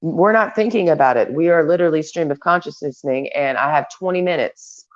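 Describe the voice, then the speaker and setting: Crude, rambling woman, low voice, lo-fi. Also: brisk. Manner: crude, profane, blunt. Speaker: vlogger. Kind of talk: rambling stream-of-consciousness rant. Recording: dull lo-fi recording.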